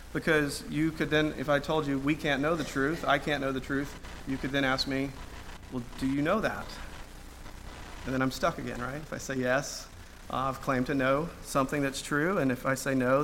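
A man delivers a sermon in a bright, forceful voice that sits a little high. He talks conversationally, with plenty of ums and restarts, and drops dry jokes. Faint noise hums behind him. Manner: conversational with frequent fillers and restarts; dry humor. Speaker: preacher.

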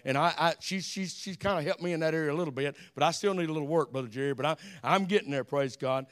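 Alabama preacher with a smooth voice. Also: male voice, on the high side, fast talker. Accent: Southern US, Alabama. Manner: folksy, repeats amen, animated storytelling. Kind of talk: sermon.

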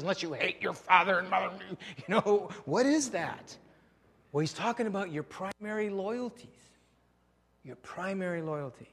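A French Canadian pastor preaching a sermon, leaning hard on key phrases with loud emphasis and then dropping low and quiet. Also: male voice. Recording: long hall reverb.

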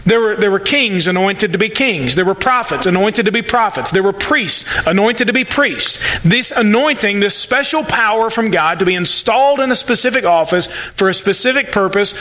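A male pastor delivers a sermon in a high, bright voice. He talks to his listeners directly, restarting and repeating words when he wants a point to stick. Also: lively intonation, normal speed, few pauses.

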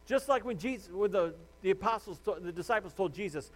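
High-voiced man preaching conversationally. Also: animated, fairly quick. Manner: conversational preaching with restarts and acted-out dialogue. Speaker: pastor. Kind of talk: sermon.

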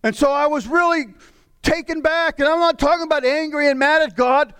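High-voiced middle-aged man preaching. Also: a little fast, fairly bright tone. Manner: impassioned preaching, swinging from raised cries to low, weary murmurs. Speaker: pastor. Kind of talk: sermon.

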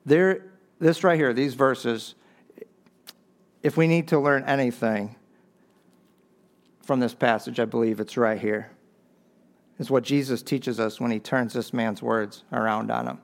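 A middle-aged man preaching a sermon as a pastor, swinging from emphatic raised peaks down to quiet, low stresses, with brief chuckles between phrases. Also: steady tone, normal speed. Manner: impassioned, rising to emphatic peaks and dropping low for key points.

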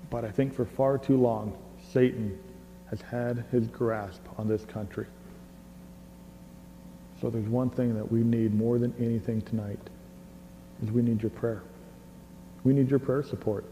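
A man preaching a sermon and leading prayer in a conversational, animated way, often repeating words, recorded on a clip-on mic. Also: medium pitch, a little slow, pauses often. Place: church service hall. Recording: reverberant hall with faint hum.

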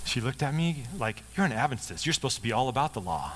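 A man's voice: mid-range voice, fairly quick, slight background noise. Man pastor telling a story in a sermon. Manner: conversational storytelling, lively quoted dialogue.

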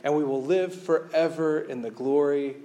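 A male pastor delivering a sermon in a slightly raised voice. He speaks earnestly, doubling words as he restarts, and drops into quiet emphasis on key points. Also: on the high side, fairly even intonation, moderate pace. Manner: reads scripture aloud.

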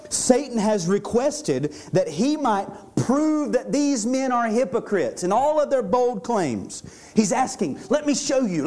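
Man, high voice, pastor, expository sermon, emphatic, slows for stress. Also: a little mellow. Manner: emphatic teaching, slows to stress key phrases.

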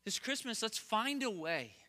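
A man's voice: high-pitched, sing-song, a little slow, pushed and bright. A man in his thirties preaching an earnest sermon, repeating key lines with rising emphasis. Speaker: pastor.

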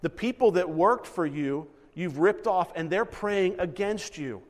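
Man, pastor, conversational sermon, lightly raised pitch, long hall reverb. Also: expressive, a little slow. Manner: conversational preaching with acted-out asides and self-corrections.

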